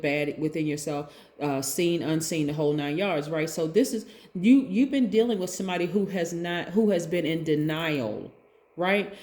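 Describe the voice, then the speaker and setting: A woman's voice: fairly low pitch, darkish tone. A woman giving a casual tarot reading, talking chattily and peppering her talk with rhetorical questions. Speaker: tarot reader. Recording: roomy echo.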